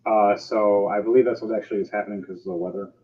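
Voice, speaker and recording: A man running a tabletop game online as game master, describing scenes in a relaxed way with filler words. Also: lowish voice, fast. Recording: dull lo-fi sound with loud music behind.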